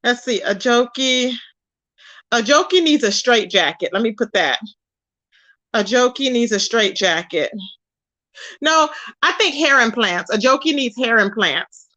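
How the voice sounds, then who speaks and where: A woman's voice: on the high side, expressive, measured pace, bright, forceful tone, dull audio. A woman hosting a casual livestream, reading chat aloud and roasting a rival in a sassy way, calling viewers baby and boo. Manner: drawls endearments like baby and boo. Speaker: livestream host.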